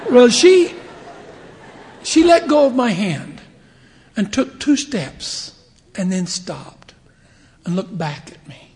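Animated man in his fifties preaching. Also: sits high, slow pace, long pauses, long reverb tail. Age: 50s. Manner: animated storyteller acting out voices, chuckling often. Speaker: church leader giving a devotional talk. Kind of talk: humorous sermon with stories.

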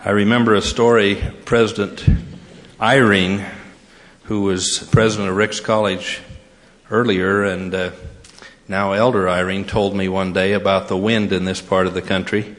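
A man's voice: sits low, little pitch movement, moderate pace, a bit bright. Older man, folksy speaker in a hall. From Sacramento, California. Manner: folksy, good-humored storytelling. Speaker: guest speaker. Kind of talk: devotional address. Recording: long reverb of a large hall.

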